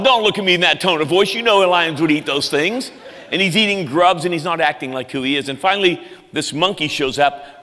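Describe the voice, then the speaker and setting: A man preaching a sermon, swinging between loud emphatic lines and quiet low ones. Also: big-room sound. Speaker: pastor.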